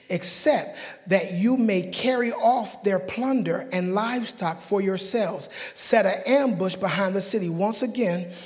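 A man preaching a sermon in a church, fervent and joking with the congregation, often breaking into excited yelling. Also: sits high. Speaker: pastor. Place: church sanctuary. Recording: long church hall reverb.

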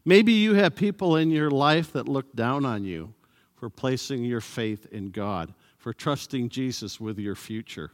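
A man preaching a sermon as pastor, slow and emphatic, sometimes acting out sarcastic voices. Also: mid-range voice. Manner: animated, acts out sarcastic voices; slow, emphatic delivery with pauses. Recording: long hall reverb.

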